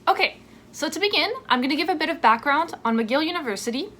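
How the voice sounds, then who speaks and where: A woman in her twenties from France, talking casually in a sit-down vlog at home, chatty and lively with asides. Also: high-pitched, quick pace, faint music behind. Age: 20s. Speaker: vlogger. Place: home indoors. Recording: faint dishwasher noise at home. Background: dishwasher noise.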